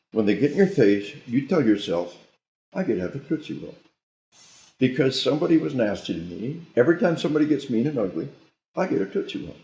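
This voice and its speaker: Mellow and medium-pitched, this man is a guest military trainer giving an interview in an echoey room. He tells stories in an emphatic, sermon-like manner, often restarting his sentences.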